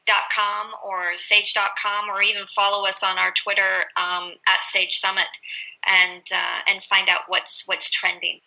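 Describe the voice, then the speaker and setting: Woman spokesperson, bright and keen, upbeat promo tone. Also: mid-range voice, monotone, unhurried, creaky, poor audio. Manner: enthusiastic, promotional. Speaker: conference representative. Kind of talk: casual interview.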